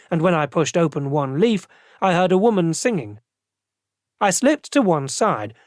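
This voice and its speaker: An audiobook narrator telling the story as a thoughtful male prelate, in measured, expressive narration. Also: a little high, no echo. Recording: dry close studio sound.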